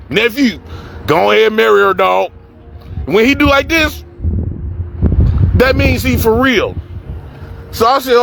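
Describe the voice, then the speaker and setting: A man casually telling a profane, animated story and acting out the people he quotes. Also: very high-pitched. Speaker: podcast host telling a story.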